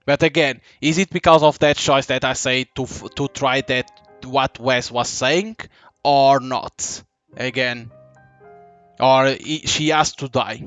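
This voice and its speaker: A man giving live gameplay commentary, musing aloud and halting with fillers. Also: mid-range voice, steady tone, a bit bright, lo-fi sound, faint music behind. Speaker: gaming commentator.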